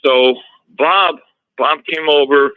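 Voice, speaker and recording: A man being interviewed as a guest, telling a story from his own home in a casual, animated way, with frequent restarts and retold dialogue. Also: fairly high pitch, slow pace, clear, resonant tone, no echo. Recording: slightly dull lo-fi audio.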